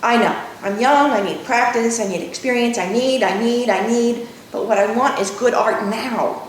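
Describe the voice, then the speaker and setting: A woman's voice: moderate pace, lightly acted. A woman reading as a snappish young artist. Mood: frustrated. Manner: snappish, frustrated. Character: irritable young woman artist, quick-tempered. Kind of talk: author reading a novel aloud. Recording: echoey room, faint rumble.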